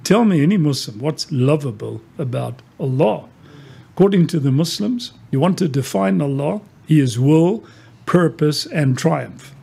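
A man's voice: on the high side, lively intonation, measured pace, gravelly, mellow, husky. A man preaching a sermon who tells stories and asks rhetorical questions. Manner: storytelling, rhetorical questions, many quoted exchanges.

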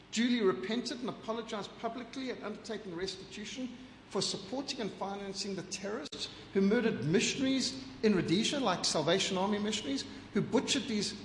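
Over slides, a man with a fairly high voice gives an impassioned lecture, firing off rhetorical questions one after another and piling up emphatic lists. His voice rings through a roomy hall with a long reverb tail over a faint hum of ambience.

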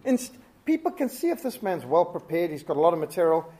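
A man who preaches, teaching public speaking in an animated, emphatic way. He often jumps up in pitch and loudness to drive his points home. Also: fast. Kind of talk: instructional talk.

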